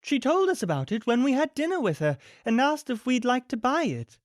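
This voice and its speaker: A man voicing a gentle, well-bred lady in a storybook reading, in a surprised, lilting manner. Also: very high voice, sing-song, fairly quick, no room sound, clean studio sound, pitched above the performer's own voice.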